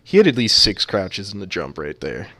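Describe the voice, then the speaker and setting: A man's voice: low voice, huge pitch swings, moderate pace, pushed and bright, breathy edge, no room sound. A man casting a video game match live, trading playful jokes with his co-caster. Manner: joking, playful banter. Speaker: esports caster.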